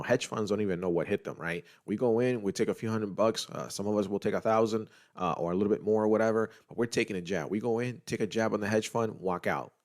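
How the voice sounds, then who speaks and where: A middle-aged man from Puerto Rico, a podcast co-host talking casually and animatedly to listeners, often restarting his sentences. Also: lowish voice. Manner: animated, repetitive restarts, addresses listeners as guys. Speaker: podcast co-host, trading group leader.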